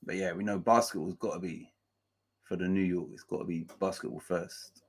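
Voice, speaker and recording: On a casual live match-day stream, a man with a slightly low, husky voice talks loosely and swears freely at a normal pace and with fairly even intonation. Between remarks he reads out chat messages and other scores.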